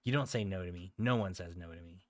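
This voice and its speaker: A man's voice: low voice, fast talker, no room sound, natural voice. Man doing a taunting, cruel bully boy. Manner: taunting, mocking. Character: sneering village bully boy, cruel and boastful.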